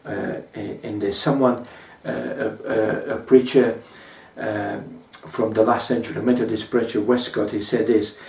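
A man preaching a sermon in a mellow, darker voice, pausing often and filling gaps as he tells stories. The sound is roomy and echoes, and he stands back from the mic. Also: lowish voice, fairly even intonation, creaky, distant mic. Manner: measured, warm storytelling with frequent pauses and fillers. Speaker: pastor.

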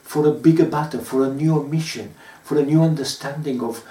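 A man preaching a sermon in a mellow, darker voice, pausing often and filling gaps as he tells stories. The sound is roomy and echoes, and he stands back from the mic. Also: on the high side, distant mic. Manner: measured, warm storytelling with frequent pauses and fillers. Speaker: pastor.

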